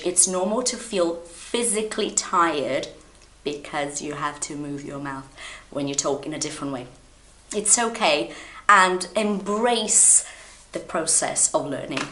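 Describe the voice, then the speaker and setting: A woman in her thirties with a Brazilian Portuguese accent teaches English in a relaxed, chatty way. Her voice sits a little low. The room around her is echoey. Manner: chatty and direct, explains terms as she goes. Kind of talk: casual video lesson to camera.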